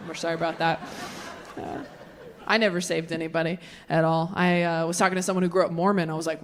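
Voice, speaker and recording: A woman in her thirties performing a stand-up comedy set, chatting with the crowd in quick conversational asides. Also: fairly low pitch, level tone. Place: large venue with a live audience. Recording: live show with audience laughter. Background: audience laughter.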